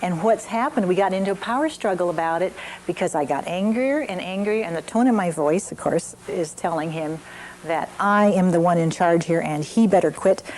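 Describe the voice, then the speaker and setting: Soft-voiced older woman teaching parents. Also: lowish voice, moderate pace, a little hiss or hum, low-quality recording. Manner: gentle, anecdotal, with frequent restarts. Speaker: parenting class instructor. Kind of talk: teaching an online parenting class.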